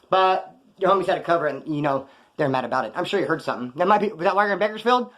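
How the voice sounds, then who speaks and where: A man's voice: a little high, lively intonation, very fast, a bit bright. A man casually recounting his prison days in slangy, profane street talk, rambling and correcting himself as he goes. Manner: loose, digressive, corrects himself mid-story. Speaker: former prisoner telling stories. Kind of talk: casual storytelling monologue.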